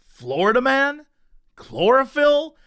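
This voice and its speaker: A man co-hosting a podcast, ranting and telling stories in an animated casual chat. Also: very high-pitched, slow pace, dry recording, studio quality. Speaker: podcast co-host.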